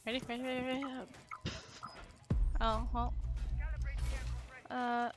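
A woman's voice: fairly high pitch, level tone, slow pace, music in the background. A young woman streaming a game, chatting casually in a playful, teasing way and laughing often. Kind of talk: casual gaming chat.

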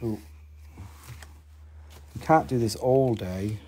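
Excitable man hawking crystals on a live stream. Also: fairly low pitch, slow. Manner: excitable, swears, jokes, talks to viewers. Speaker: live-stream seller of minerals. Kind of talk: casual live-sale patter.

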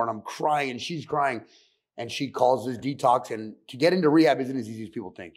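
A middle-aged man telling his addiction recovery story on a podcast, blunt and profane. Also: mid-range voice. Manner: blunt, profane, fast and intense. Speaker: guest sharing recovery story.

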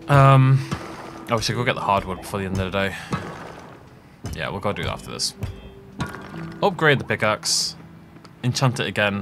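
A man giving chatty let's play commentary, thinking aloud and laughing often as he plays. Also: on the low side. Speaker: gaming channel host.

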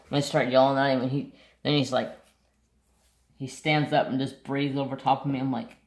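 A man's voice: mid-range voice, steady tone, normal speed, creaky, pauses often, echoey room. A man chatting casually to camera, telling a rambling story and sidetracking often, with blunt, offhand asides. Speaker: craft vlogger.

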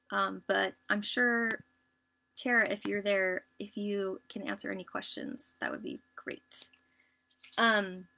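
A woman giving a casual live sewing tutorial, chatty and relaxed, with lots of ums and likes. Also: a little high. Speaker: sewing instructor.

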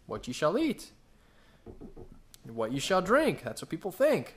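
Man preaching, lively questioning delivery, fairly high voice. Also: normal speed, long pauses. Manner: animated, acts out quoted voices with big pitch jumps; asks the congregation questions and answers them. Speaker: pastor. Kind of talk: sermon.

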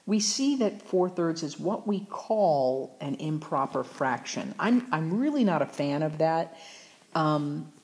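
Woman math teacher, low voice, chatty and encouraging, restarts sentences a lot. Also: animated, slow, darkish tone. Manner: chatty, encouraging, self-correcting. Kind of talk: recorded math lesson.

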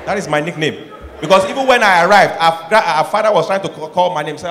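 A man from Nigeria with a Nigerian accent doing stand-up comedy, acting out voices and swinging from soft asides to shouted punchlines. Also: sits high, animated, quick pace. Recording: echoey hall, noisy live room.

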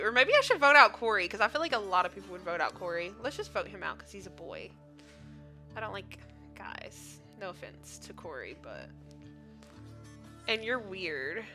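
A woman gaming streamer gives casual commentary on her own gameplay, playful and slangy, teasing other players and laughing often. Her voice is mid-range, pushed and bright.

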